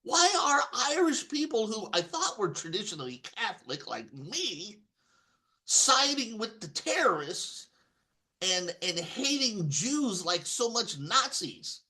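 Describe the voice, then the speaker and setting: Ranting Texas-born man with a lively voice. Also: sits high, slow pace. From Texas, USA. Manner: ranting, emphatic, repeats and restarts words. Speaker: political commentator. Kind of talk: rambling stream-of-consciousness monologue.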